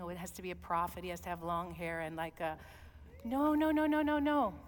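A woman preaching a sermon, swinging from loud calls to soft, intimate asides. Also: medium pitch. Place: church. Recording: long hall reverb.

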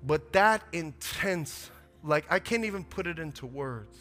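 High, bright-voiced man preaching a sermon. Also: expressive, a little slow. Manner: swings from hushed storytelling to loud impassioned preaching. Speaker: pastor. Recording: reverberant hall with soft music.

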